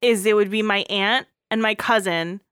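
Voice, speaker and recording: A woman's voice: mid-range voice, normal speed, fairly bright tone, clear, resonant tone, no room sound, clean studio sound. A woman co-hosting a casual chat, laid-back and easy to laugh, explaining things plainly. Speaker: podcast co-host.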